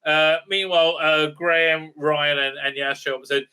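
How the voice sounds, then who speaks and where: High-voiced sarcastic male reviewer. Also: flat delivery, moderate pace, sharp tone, clear, resonant tone. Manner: sarcastic, rambling, many fillers and tag questions. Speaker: video reviewer. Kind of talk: ranting recap review.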